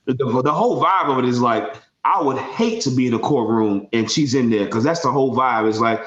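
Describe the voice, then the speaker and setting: A man's voice: medium pitch, expressive, a little fast, hardly any pauses, a bit bright, lo-fi sound. Hesitant, chatty man in a roomy space. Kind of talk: casual panel discussion.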